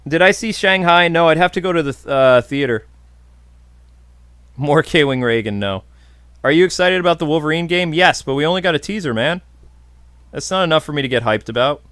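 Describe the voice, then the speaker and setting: A man's voice: mid-range voice, a bit bright, smooth, dry recording. A man hosting a podcast, casually answering viewer questions in a blunt, jokey, opinionated way. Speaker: podcast host.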